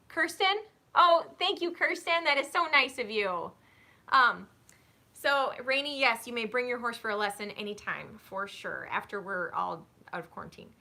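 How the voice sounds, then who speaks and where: A woman's voice: mid-range voice, bright, forceful tone. A woman hosting a live-stream question-and-answer session about horses, chatting casually and gushing with thanks to her viewers. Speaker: horse trainer and channel host.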